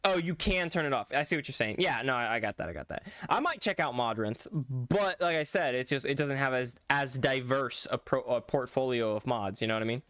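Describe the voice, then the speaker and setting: Male streamer, mid pitch, rambly and self-correcting, chatting with viewers over a dry, close mic. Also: expressive, fairly quick, hardly any pauses, a bit bright, no echo. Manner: rambling, self-correcting, talks back to chat. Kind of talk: casual live-stream chat while gaming.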